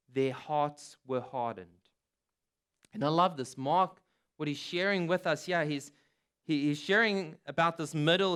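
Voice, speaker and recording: A man preaching a sermon, earnest and emphatic, repeating key phrases and quoting scripture in a warm encouraging way. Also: fairly high pitch, clean tone. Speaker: pastor.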